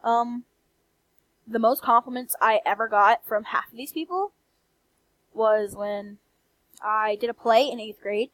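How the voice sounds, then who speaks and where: A young woman with a country accent, ranting in a soft-spoken late-night vlog, candid and blunt with frequent swearing. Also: on the high side, steady tone, a little slow, pauses often, poor audio. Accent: American country. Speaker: vlogger. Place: quiet room late at night.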